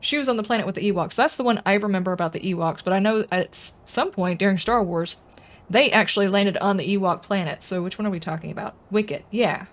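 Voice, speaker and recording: A woman's voice: mid-range voice, fast talker. A woman streaming a game, chatting casually and rambling as she answers her viewers' comments. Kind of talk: casual live-stream chat.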